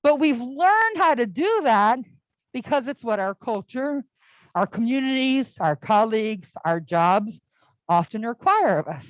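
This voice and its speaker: A young woman speaks to a congregation in a relaxed, conversational sermon, sprinkling her talk with casual fillers. Her voice sits somewhat high and moves through a very animated pitch range. The tone stays personal and storytelling rather than formal. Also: a little slow, dry recording, lo-fi sound. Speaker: speaker at a church service. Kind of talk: conversational all-ages sermon.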